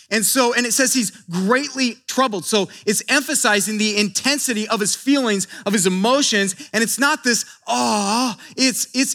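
A man's voice: high-pitched, bright, forceful tone. A man preaching a sermon in an earnest way, often repeating words as he builds emphasis. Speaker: pastor.

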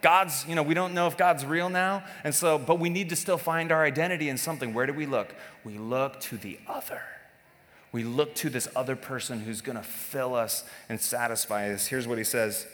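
A man's voice: mid-range voice, moderate pace, fairly bright tone, big-room sound. A man preaching a sermon to a congregation, in a conversational, joking way with many restarts and fillers. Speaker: pastor. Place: church service.

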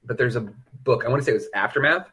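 A man's voice: mid-range voice, rapid-fire, a bit bright, breathy edge. A man co-hosting a podcast, talking casually and animatedly about a film. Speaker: podcast co-host.

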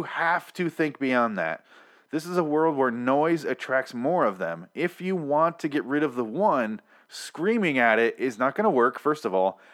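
A man's voice: medium pitch, fairly bright tone. A man casually recapping a TV episode in a rambling rant. He is sarcastic and swears heavily. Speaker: show recap commentator.

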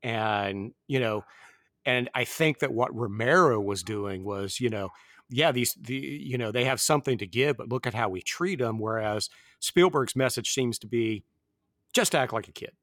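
A podcast host in his fifties rambles casually about films, full of fillers and restarts. His voice is medium-pitched and a bit bright, at a normal speed, captured with clean studio sound and no echo.

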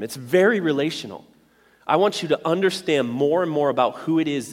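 Male pastor, fairly high voice, lively conversational sermon, long hall reverb. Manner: conversational, animated, playful asides.

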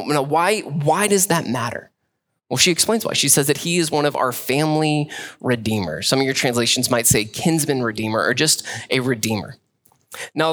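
A man's voice: mid-range voice, fairly bright tone. A young adult man, a pastor, preaching a sermon in a casual, conversational way with many fillers.

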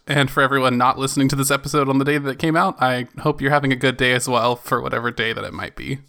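A man's voice: mid-range voice, steady tone, fast talker, vocal fry, hardly any pauses, bright, forceful tone, smooth, faint music behind. A man speaking as a podcast host in an upbeat, casual way. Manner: joking, upbeat. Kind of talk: casual chat and podcast sign-off.

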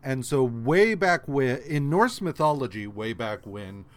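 A man's voice: mid-range voice, animated, measured pace. A man co-hosting a podcast, casually retelling a story in a rambling, profane way with many fillers. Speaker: podcast co-host. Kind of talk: casual comic recap chat.

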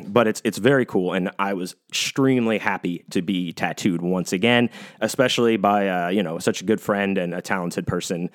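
An American man hosts a solo podcast, rambling casually with plenty of swearing, fillers, and restarts. His voice is low and his pace moderate.

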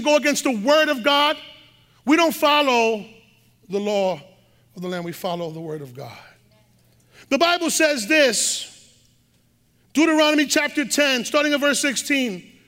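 High-voiced, bright Puerto Rican pastor preaching. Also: male voice. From Puerto Rico. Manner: fast, rising to shouts, bilingual asides. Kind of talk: preaching a sermon. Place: large church hall. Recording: long church hall reverb.

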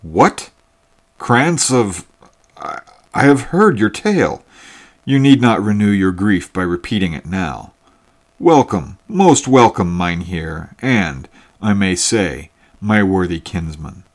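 A man reading the part of a grim, secretive middle-aged hunter in a story, in a low and deliberate way. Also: expressive. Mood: fervent.

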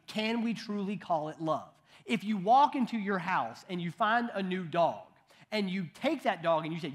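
A man in his thirties preaches with a notably high-pitched voice. He keeps it conversational, slipping in joking asides and restarting his sentences as he goes. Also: fairly bright tone. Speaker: pastor. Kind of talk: sermon.

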